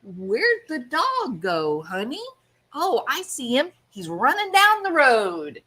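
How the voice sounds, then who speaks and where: A woman's voice: high-pitched, huge pitch swings, takes it slowly, bright, forceful tone, pitched above the performer's own voice, full character voice. A woman voicing a rattled, hot-tempered mother who talks in dismayed, half-joking asides.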